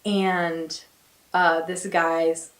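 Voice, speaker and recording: A young woman from the United States chatting casually and cheerfully to her camera in a small attic bedroom, with quick laughs. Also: lowish voice, flat delivery, roomy sound. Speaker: exchange student vlogger. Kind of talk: casual vlog chat. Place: small attic bedroom with slanted ceiling and beams.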